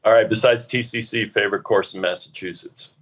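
A man hosts a casual chat in a very low, deep voice. He talks in a measured way with dry humor. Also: fairly even intonation, a bit bright, breathy edge, low-quality recording. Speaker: host.

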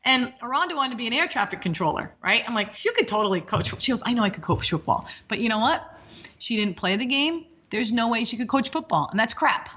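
An energetic woman in her fifties talks as an interview guest and tells animated, rambling stories from her coaching life. Her voice is bright and forward. The recording is slightly dull and lo-fi. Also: on the high side, brisk, husky. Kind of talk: casual interview chat.

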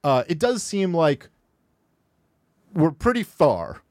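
A man's voice: sing-song, slow pace, no echo, clean studio sound. A male podcast host reacting to a video clip, arguing back with exasperation that pushes his voice sharply upward as he rebuts. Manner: exasperated, rising sharply in pitch when rebutting. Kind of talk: argumentative commentary on a played clip. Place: podcast studio.

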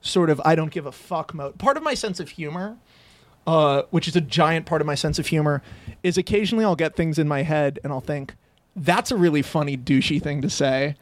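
Man, high voice, animated self-mocking storyteller, dry close sound. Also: brisk, dry recording. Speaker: guest screenwriter. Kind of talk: casual podcast chat, telling a story.

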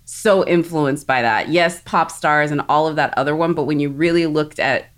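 A chatty woman from South Texas with a notably low voice talks casually on a podcast. She laughs easily and tosses in quick asides. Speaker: podcast co-host. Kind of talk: casual chat.

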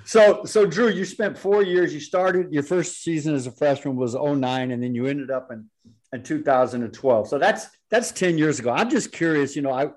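A man's voice: fairly high pitch, normal speed, a little mellow. A middle-aged man co-hosting a casual podcast, asking long, hesitant questions. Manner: rambling, hesitant questions with many fillers. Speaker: podcast co-host.

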